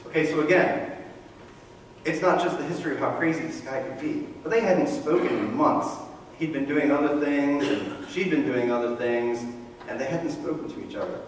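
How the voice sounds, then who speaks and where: A male pastor preaching a sermon, telling the story in a conversational, animated way with casual asides. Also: a little high, moderate pace. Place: church sanctuary. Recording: echoey hall, mic far from speaker, faint room noise.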